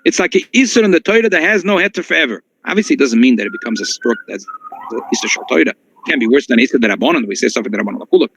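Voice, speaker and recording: A man teaching a halacha class as a rabbi. He reads source texts aloud, explains them, and restarts his sentences often. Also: racing. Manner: animated, jumps high in pitch for emphasis, frequent restarts. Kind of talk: text-based Torah lesson, reading and explaining. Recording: dull lo-fi dry recording.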